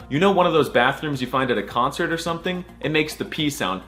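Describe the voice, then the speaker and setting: A man giving a comedic alphabet lesson in a mock-serious, playful way, drilling each sound over and over with sudden squeaky outbursts. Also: expressive, fairly quick, hardly any pauses, a bit bright, soft background music. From United States. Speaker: comedic language teacher.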